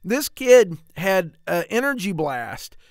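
A man's voice: high voice, big pitch swings, slow pace, no echo, studio quality. A man co-hosting a casual podcast, eagerly recalling comic-book trivia. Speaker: podcast co-host. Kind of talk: casual chat.

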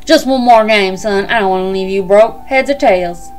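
Smug male card-sharp with a fake hillbilly drawl, voiced by a woman, folksy. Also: mid-range voice, moderate pace, soft background music, lightly acted. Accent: put-on hillbilly drawl. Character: slick male gambler faking a hillbilly drawl. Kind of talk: let's play character voicing.

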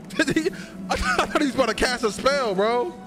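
A young man reacting to a video game as he plays, excitable and profane, with loud outbursts and banter. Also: very high voice, moderate pace, soft background music.

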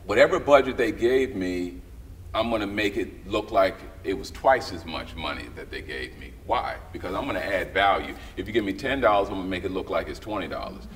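A middle-aged writer and director, deep-voiced and fairly quick, tells stories as a guest in a relaxed interview. He animates his anecdotes by acting out the voices of the people he quotes. The mic sits slightly distant, with faint background noise.

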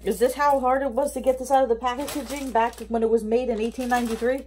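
A woman's voice: a little high, fairly even intonation, quick pace, darkish tone, slight background noise. A woman chatting casually as she tries out makeup and candy from a store haul, thinking aloud and rambling. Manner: talks with mouth full of candy. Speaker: haul vlogger. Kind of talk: casual product review.

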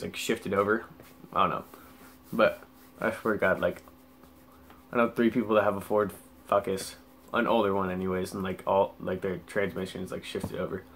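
A man's voice: fairly low pitch, a bit bright, a little hiss or hum. A young man telling a story in a rambling, casual way, swearing heavily and filling gaps with "like". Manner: rambling, heavy swearing, lots of fillers. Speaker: vlogger.

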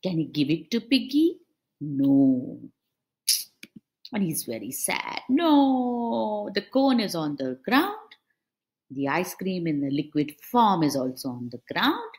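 Preschool storyteller, woman, slow and very animated, asks the children questions. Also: fairly low pitch, husky. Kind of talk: reading a picture book aloud to children.

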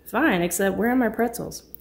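Audiobook role: cheerful, joking male party guest, loud and upbeat, voiced by a woman narrator. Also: a little high, moderate pace, pitched above the performer's own voice, close to an everyday voice. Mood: teasing. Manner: boisterous, teasing. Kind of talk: audiobook character voice.

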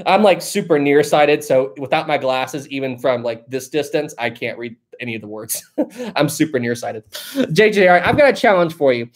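A casual live-stream host who chats with viewers, reads their messages aloud and thinks out loud between them. The pitch is lively and wanders widely. The host laughs easily and keeps things loose and jokey. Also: normal speed. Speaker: livestream host reading viewer donations.

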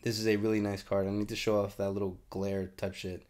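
A young man hosting a card unboxing, chatting casually with lots of swearing and bursts of excitement, congested and sniffly. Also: fairly low pitch, fairly quick. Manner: profane, excitable, rambling. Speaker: card unboxing channel host.

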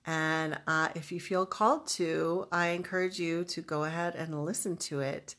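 A woman spiritual teacher guiding listeners through a calm energy exercise, speaking slowly and stressing spoken declarations. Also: on the low side. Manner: slow, soothing, emphatic declarations. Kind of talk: guided energy practice instruction. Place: home, livestreamed online event. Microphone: webcam or computer mic.

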